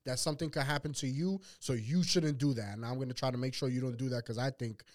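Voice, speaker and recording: A man with an average-pitched voice mediates calmly on a podcast and explains his point step by step. His voice is recorded dry, with no room echo. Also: fast. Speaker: podcast co-host. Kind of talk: casual chat.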